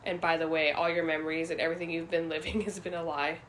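Bright-voiced woman chatting casually on a podcast. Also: low voice, little pitch movement, fast, slight background noise. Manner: blunt, profane, laughs often. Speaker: podcast co-host. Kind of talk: casual chat.

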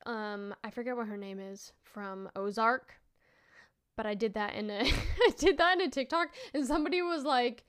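A woman's voice: fairly high pitch, unhurried, a bit bright, clean tone. A woman hosting a solo podcast, chatting casually and rambling, laughing often and restarting her thoughts. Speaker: podcast host.

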